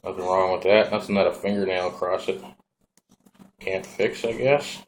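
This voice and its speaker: A very low-voiced man with a Minnesotan accent talks in a laid-back, folksy ramble while showing off his gear. Faint noise hums under the recording. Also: fairly even intonation, normal speed. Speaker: vaping hobbyist vlogger. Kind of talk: casual hands-on demo.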